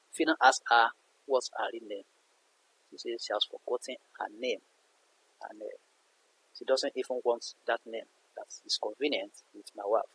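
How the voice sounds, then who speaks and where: Male literature teacher, husky tone, lively up-and-down delivery, stresses and repeats key points. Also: mid-range voice, low-quality recording. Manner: emphatic, repeats points to students. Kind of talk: explanatory lesson narration.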